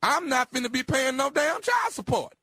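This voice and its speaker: Deadpan prank caller on a dry line. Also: male voice, extremely high pitch, moderate pace, breathy edge, dry recording, faint music behind. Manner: deadpan, provoking. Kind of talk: prank phone call.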